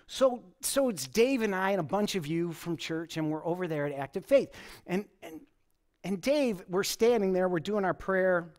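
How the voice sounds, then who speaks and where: A man preaching a conversational sermon as pastor, telling stories in an animated way, often chuckling and restarting his sentences. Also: high-pitched. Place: church service.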